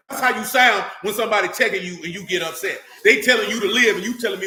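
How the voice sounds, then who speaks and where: A man preaching a sermon. His voice sits high and sounds bright and forceful, and it carries through an echoey room with faint noise behind it. He reads scripture slowly and fires rhetorical questions at his listeners.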